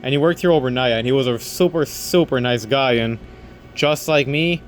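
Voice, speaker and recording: A man's voice: mid-range voice, moderate pace, a little hiss or hum. Rambling young man telling a story. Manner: rambling retelling, quoting others, restarting sentences, laughing. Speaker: vlogger and overnight convenience store clerk. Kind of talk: casual storytelling to camera.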